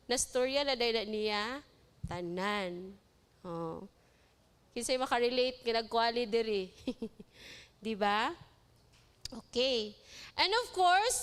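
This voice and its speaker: Joking with her audience and shifting between Cebuano and English, a high-pitched woman lecturer with a Cebuano Filipino accent keeps her live seminar animated.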